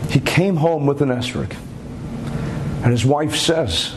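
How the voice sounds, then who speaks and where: A male rabbi giving a Torah lecture as an animated storyteller, with asides and rhetorical questions. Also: mid-range voice, unhurried, pauses often, background noise.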